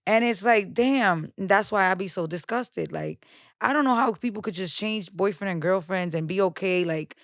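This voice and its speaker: New york girl talking blunt and profane on a podcast, raspy fry in her voice, dry sound. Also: fairly low pitch, dry recording. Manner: blunt, profane, animated storytelling. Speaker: podcast guest. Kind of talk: casual podcast chat.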